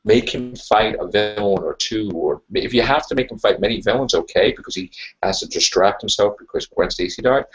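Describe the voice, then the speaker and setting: A man's voice: fairly low pitch, dull audio. A man hosting a casual podcast chat, ranting emphatically and repeating his points. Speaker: podcast host.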